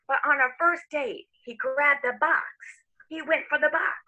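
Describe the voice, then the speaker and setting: A middle-aged woman telling a story casually among friends, animated, laughing and acting out the quotes. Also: high voice, moderate pace, dull audio.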